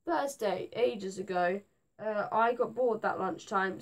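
A teenage girl, rambling to camera in her bedroom; her voice is going hoarse, and she is scatterbrained and jumpy. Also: medium pitch, slight background noise. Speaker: gaming vlogger. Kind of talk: rambling casual vlog to camera.

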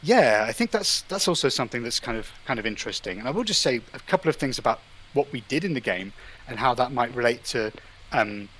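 A man giving an informal live talk as an invited presenter at an online art event, thinking aloud with many pauses and filler sounds. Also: mid-range voice, animated, fairly bright tone, rough recording.

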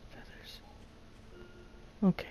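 Slowly and in a dark tone, a gaming channel host plays through a survival game alone, murmuring nervous, scared remarks to herself and letting out abrupt yelps of panic. Some slight background noise is audible in this solo let's play commentary.

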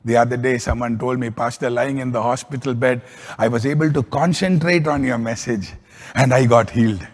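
A man preaching a sermon as a pastor, telling stories with lively swings in pitch and volume. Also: brisk, breathy edge, big-room sound.

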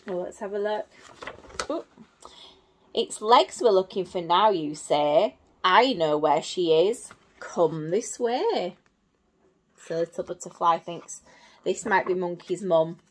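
A woman teacher reading a picture book aloud to young children, gently asking questions and explaining along the way. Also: fairly low pitch, animated, a little slow.

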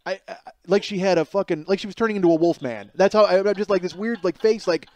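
A man in his forties hosting his own podcast, telling a rambling comic story that climbs higher and louder as he gets worked up. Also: fast, no room sound. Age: 40s. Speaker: podcast host. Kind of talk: casual comedic monologue.

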